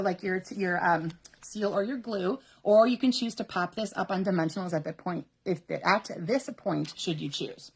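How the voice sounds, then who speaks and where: A woman hosts a live card-making demonstration at her craft table, talking viewers through each step in a chatty way and laughing often. Her voice has a gravelly, slightly husky edge at a middle pitch. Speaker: papercraft host.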